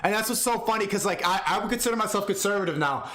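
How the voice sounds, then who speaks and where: A man live-streaming, loudly heckling and laughing over the videos he reacts to. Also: sits high, racing, few pauses, slight background noise. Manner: shouts, laughs and heckles the clips. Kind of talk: loud crude reaction commentary.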